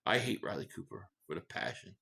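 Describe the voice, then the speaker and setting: A man's voice: low voice, sing-song, brisk, vocal fry, bright, forceful tone, slightly rough. A man from the Philadelphia area live-streaming a football game, rambling in casual chat, reading out viewer messages and giving blunt fan opinions.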